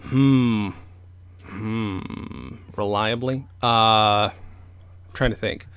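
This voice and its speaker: Podcast host guy from upstate new york, lowish voice, thinks out loud, kinda self-deprecating. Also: steady tone, clean tone. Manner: measured and reflective, self-deprecating. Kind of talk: casual podcast chat.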